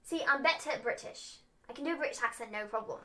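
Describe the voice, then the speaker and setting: A young woman from the States co-hosts a loose, chatty livestream. Her voice sits a little high and rings bright and clear. She rambles and strings her thoughts together with constant "like"s. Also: quick pace. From United States. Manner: rambling, heavy use of "like". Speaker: co-host. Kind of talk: casual livestream chat.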